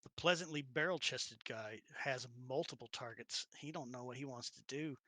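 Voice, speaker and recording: A man's voice: mid-range voice, moderate pace, bright, forceful tone. A man running a tabletop role-playing game as game master, narrating the action animatedly, laughing often and acting out little sounds.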